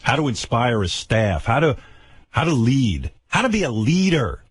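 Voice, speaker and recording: A man's voice: medium pitch, big pitch swings, normal speed, breathy edge, no echo. An older man hosting a radio show, ranting with profane sarcasm and stammered repeats. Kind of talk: angry on-air rant. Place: radio studio.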